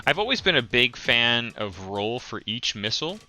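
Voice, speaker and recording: A man's voice: mid-range voice, sing-song, moderate pace, pushed and bright. A man running a tabletop game as dungeon master, narrating with many ums and uhs.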